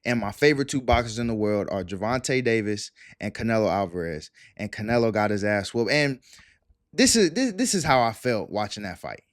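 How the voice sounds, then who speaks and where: A man's voice: fairly low pitch, animated, a little fast, no echo. A man in his twenties hosting his own sports show, ranting in a casual, profane, fired-up way. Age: 20s.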